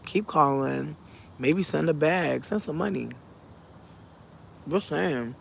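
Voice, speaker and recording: A man's voice: on the high side, slow pace, creaky, slight background noise. Give me a sassy, profane man venting on a livestream. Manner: animated, profane, sassy, laughs while telling the story. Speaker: live streamer. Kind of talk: casual venting livestream storytelling.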